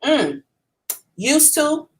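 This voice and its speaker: A woman hosting a live psychic reading, talking in a blunt, profane and animated way. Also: high-pitched, drawn-out words, crowd noise.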